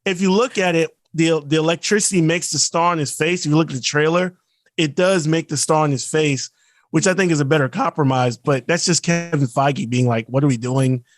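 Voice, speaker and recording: A man's voice: on the high side, dry recording. A man co-hosting a podcast, ranting in casual chat and slipping into mocking put-on quotes. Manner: ranting, animated, mocks actors in quick put-on quotes. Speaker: podcast co-host.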